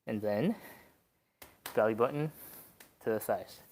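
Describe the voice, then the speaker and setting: A young man coaching a relaxed, beginner-friendly stretch routine from home. He talks easily and encouragingly, walks through each position step by step, and counts the holds down out loud. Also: lowish voice, slow, slight background noise. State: out of breath. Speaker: stretching instructor. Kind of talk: live-streamed workout instruction.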